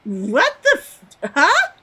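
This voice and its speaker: A woman's voice: very high voice, wildly swooping pitch, takes it slowly, heavy background noise. A woman streaming a game, chatting casually and musing aloud as she reads lore text from the screen.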